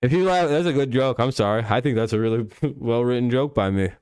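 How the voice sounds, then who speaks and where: Hosting a laid-back football preview stream, this man jokes, rambles, and swears frequently. His mid-range voice is brisk, smooth, and darkish, captured in a dry, studio-quality recording.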